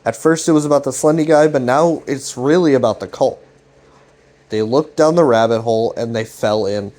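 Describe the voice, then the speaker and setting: Man, casual recap, rambling, swears a lot, retells dialogue loosely, mid pitch. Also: moderate pace, dark tone. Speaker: commentary channel host. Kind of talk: casual recap of a web series.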